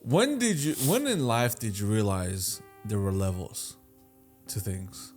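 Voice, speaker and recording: A young man on a casual podcast throws in jokes and swearing reactions. His low voice swings widely in pitch. Faint music sits under it. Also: animated, unhurried, darkish tone. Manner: joking interjections, profane reactions. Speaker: podcast co-host. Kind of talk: casual chat.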